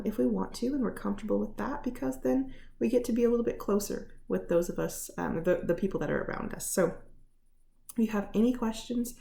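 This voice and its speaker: A woman giving a casual lesson on feelings from her living room, explaining gently with many fillers. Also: medium pitch, vocal fry, roomy sound, a little hiss or hum. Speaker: teacher.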